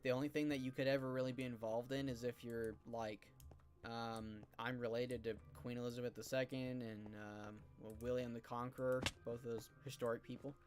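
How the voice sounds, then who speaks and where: Man, from California, stream host, middle pitch, rambling casual chat, lots of fillers. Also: flat delivery, brisk, a little mellow. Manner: rambling, filler-heavy and thinking aloud. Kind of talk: casual chat while gaming.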